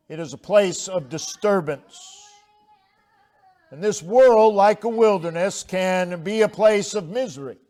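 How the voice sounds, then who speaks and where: Slow, measured male preacher. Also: a little mellow. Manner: slow, measured preaching that builds up and then drops low. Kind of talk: sermon. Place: church sanctuary.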